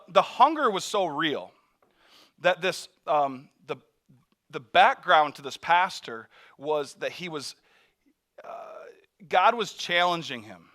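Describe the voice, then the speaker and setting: Lively, bright-voiced male preacher. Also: fairly high pitch. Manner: animated storyteller, acts out voices, laughs often. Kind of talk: sermon storytelling.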